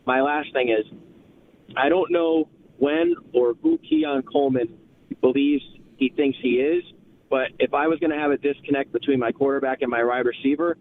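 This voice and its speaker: A man's voice: mid-range voice, moderate pace. A man calling in to a sports radio show, ranting in an exasperated, vivid way. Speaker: caller. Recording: tinny phone line with faint noise.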